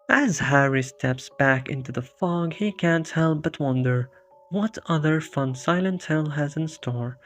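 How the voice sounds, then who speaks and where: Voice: mid-range voice, a little slow. Dry jokey comedy narrator. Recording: dull lo-fi with faint music.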